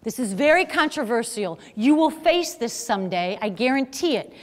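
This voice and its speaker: High-voiced woman preaching in an echoey hall. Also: sing-song, normal speed. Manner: emphatic, preachy, rhetorical questions. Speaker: speaker. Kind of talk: chastity talk to young audience.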